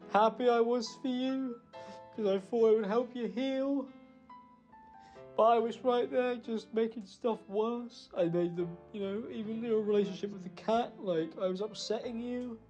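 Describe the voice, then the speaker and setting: A man giving an emotional, halting spoken apology. He blames himself, pauses often and restarts his sentences. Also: high voice, darkish tone, muffled recording. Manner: halting, self-blaming, full of pauses and restarts. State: emotional, choked up. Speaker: person recording a personal apology.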